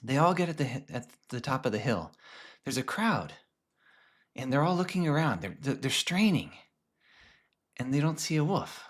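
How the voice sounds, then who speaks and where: A man presenting a lesson on film characters, telling a story in a conversational way with frequent restarts and some soft, hushed stretches. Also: medium pitch, sing-song, moderate pace, pauses often. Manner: conversational, many restarts, drops to a hush at times.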